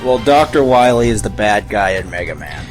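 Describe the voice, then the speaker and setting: A man co-hosting a podcast in loose, casual chat, his pitch swinging up and down a lot as he talks. He swears and laughs easily. Faint music sits in the background. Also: moderate pace. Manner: animated, swearing, laughing often. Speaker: podcast co-host.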